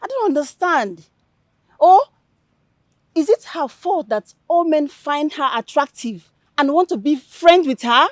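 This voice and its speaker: A high, earnest young woman protesting. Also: animated, a little slow, no room sound. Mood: reproving. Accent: Nigerian. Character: principled young woman, Uka, defending a friend. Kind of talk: film drama acting.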